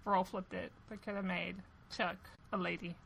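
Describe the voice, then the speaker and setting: A woman's voice: fairly low pitch, little pitch movement, normal speed, vocal fry, crowd noise. A woman co-hosting a casual chat, wry and offhand with laughing asides.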